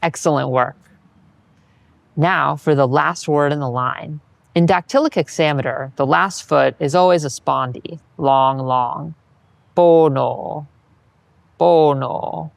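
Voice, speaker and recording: Slow, patient Latin teacher's voice. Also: mid-range voice, creaky, no room sound. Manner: patient, encouraging, models recitation for the listener to repeat. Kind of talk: scripted instructional narration.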